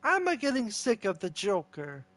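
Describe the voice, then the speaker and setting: A man's voice: high-pitched, huge pitch swings, normal speed, fairly bright tone. A man goofing around with an AI character, rambling silly jokes and giggling. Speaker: user chatting with an AI character. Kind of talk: goofy joking chat.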